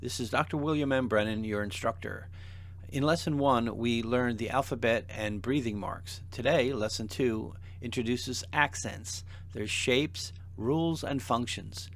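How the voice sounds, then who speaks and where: A man teaching a seminary language lesson in a measured, deliberate, scripted narration. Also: mid-range voice, a bit bright, a little hiss or hum. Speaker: seminary instructor.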